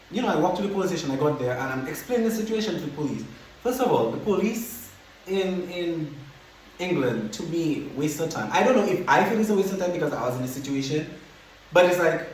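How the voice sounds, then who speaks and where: A man casually telling a personal story as a podcast host, animated and repeating himself as he acts out his reactions. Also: fairly high pitch. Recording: very echoey room, faint background hiss.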